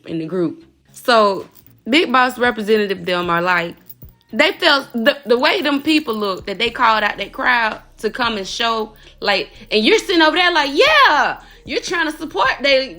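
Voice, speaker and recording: A woman talks straight to one listener in a casual, animated spiritual reading, still in her morning voice. Her tone is bright and sits a little high, and she keeps calling the listener baby. Faint music plays underneath. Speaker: spiritual reader podcaster.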